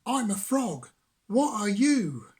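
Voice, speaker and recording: A man's voice: high voice, sing-song, slow, darkish tone, voice pushed up, heavily acted. An older man voicing a friendly, chatty male tree frog with a Devon accent, eager and helpful. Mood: cheerful.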